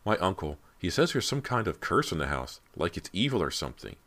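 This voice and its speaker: Man voicing a teenage girl, raised pitch, chatty and hesitant, lively lilt, audiobook. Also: a little fast, heavily acted. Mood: confiding. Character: friendly teenage neighbor girl, chatty, a little nervous.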